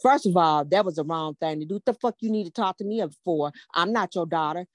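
A woman's voice: lowish voice, a little fast, few pauses, no room sound, studio quality. An older woman hosting a podcast, telling a story to a live audience in a blunt, profane, emphatic way and asking a lot of rhetorical questions. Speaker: podcast host.

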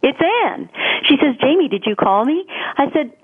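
A woman guest telling an earnest, animated personal story in an interview. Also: high voice, normal speed. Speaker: guest author. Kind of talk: storytelling interview over the phone. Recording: tinny phone line.

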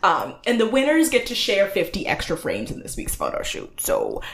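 A woman's voice: medium pitch, big pitch swings, a little fast, a bit bright, echoey room. A young woman co-hosting a podcast, chatting casually and giggling as she recaps a TV show. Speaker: podcast co-host.

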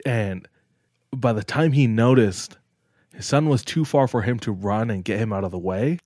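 A man's voice: on the low side, moderate pace, darkish tone, no room sound, studio quality. A young man on a podcast, telling stories in casual chat, with lots of "like" and "dog.". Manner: laid-back storyteller, says "like" and "dog" a lot. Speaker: podcast co-host.

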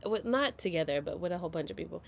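A woman's voice: lowish voice, lively intonation, very fast, creaky, a little hiss or hum. A woman in her thirties telling a story to her viewers at home in a casual, dramatic and profane way, often dropping to a whisper. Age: 30s.

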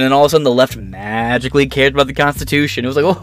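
A man's voice: medium pitch, very fast, few pauses, fairly bright tone, faint music behind. Profane, combative male ranter. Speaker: commentator. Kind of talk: ranting political commentary.

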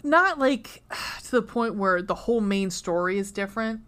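A woman's voice: medium pitch, lively intonation, normal speed, fairly bright tone. A woman co-hosting a casual podcast chat, rambling and swearing freely as she laughs through her notes. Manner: rambling, profane, laughs often. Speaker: podcast co-host. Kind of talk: casual chat comparing book and movie.

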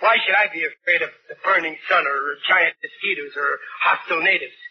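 A man's voice: on the high side, a little fast, natural voice. An actor playing a bumbling, whiny working-class husband and father with a Brooklyn accent, in 1940s radio sitcom style. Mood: complaining. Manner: whiny, comic, ungrammatical. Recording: hissy lo-fi old radio recording.

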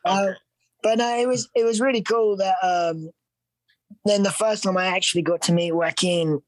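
A man's voice: sits high, steady tone, normal speed, no room sound, rough recording. A British man, a guest actor on a podcast, telling stories in a chatty, laughing way with lots of fillers. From United Kingdom. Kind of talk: casual podcast interview.

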